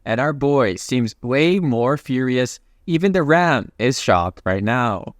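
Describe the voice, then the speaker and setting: A man narrates a comic recap in a chatty, excitable way, talking straight to the listener. His voice sits at an ordinary middle pitch. The sound is dry and close. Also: slow pace, hardly any pauses, no room sound.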